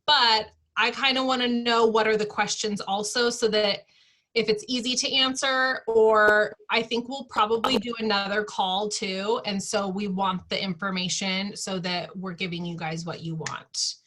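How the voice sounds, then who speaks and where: A woman hosting a team training call over video, talking in a chatty, upbeat way with quick asides. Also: mid-range voice, fairly even intonation, bright, forceful tone. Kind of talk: casual online tutorial chat.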